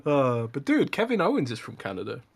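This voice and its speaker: A man's voice: mid-range voice, wildly swooping pitch, a little fast, gravelly, husky. Male co-host, casual chat, playful teasing, easy laugh. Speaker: podcast co-host.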